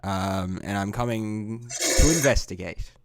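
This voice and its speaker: A man's voice: on the low side, a little slow, a crowd in the background. A man playing a tabletop game, chatty and loose, often laughing. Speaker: player. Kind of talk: casual tabletop role-play.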